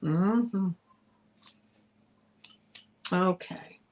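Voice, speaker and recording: A woman's voice: lowish voice, extremely slow, slight background noise. A middle-aged woman hosting a live online sale, chatting in a rambling, easygoing way and laughing easily as she shows items. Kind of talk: casual live-stream selling chat.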